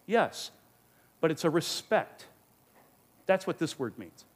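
An earnest man teaching a sermon to his congregation. His voice sits a little high and swings widely in pitch. He pushes his points home and fires off rhetorical questions. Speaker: pastor teaching a Bible study. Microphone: microphone.

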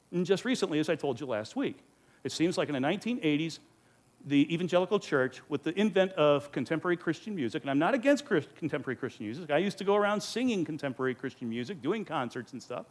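An earnest man teaching a sermon to his congregation. His voice sits a little high and swings widely in pitch. He pushes his points home and fires off rhetorical questions. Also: very animated, fast. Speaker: pastor teaching a Bible study. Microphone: microphone.

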